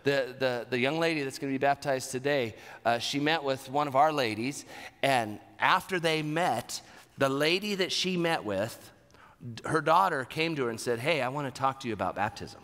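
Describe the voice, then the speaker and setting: A middle-aged man preaching a sermon as pastor, animated and repeating words for emphasis. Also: mid-range voice, normal speed. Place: church sanctuary. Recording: long hall reverb.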